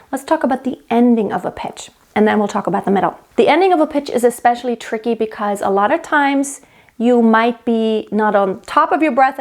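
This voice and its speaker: A young woman teaching vocal technique, explaining step by step and breaking off to demonstrate sounds. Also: fairly high pitch. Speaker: singing teacher.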